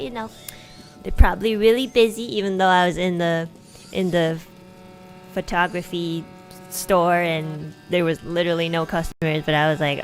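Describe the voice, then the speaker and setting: A young woman chats through a story on her stream, lively and talkative, at an ordinary middle pitch. Now and then she jumps up into a brighter voice to act out what someone said. Faint music sits underneath. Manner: chatty, animated, acts out quoted lines in a raised voice. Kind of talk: casual storytelling.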